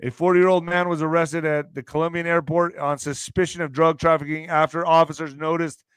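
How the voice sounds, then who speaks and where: A man hosting a casual news commentary show, joking, swearing and laughing often, with loud bursts of emphasis. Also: on the high side, flat delivery, brisk, smooth, no room sound. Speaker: show host.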